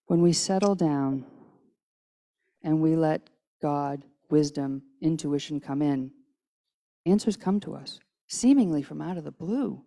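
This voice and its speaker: In a church sanctuary, an American woman gives a conversational sermon in a low, creaky, mellow voice at an unhurried pace. Tired from little sleep, she's casual and chatty, restarting sentences and acting out quotes.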